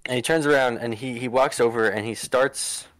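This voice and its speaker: A man's voice: mid-range voice, moderate pace, a bit bright, no room sound, rough recording. A man running a tabletop game as game master, narrating the scene in a loose, descriptive way with frequent restarts.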